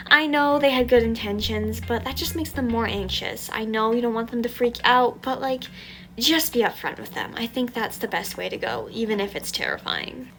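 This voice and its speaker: Chatty young woman, a little sick. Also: on the high side. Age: young adult. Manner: animated, chatty, self-mocking. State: still sick. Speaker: storytime vlogger. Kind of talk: casual storytelling.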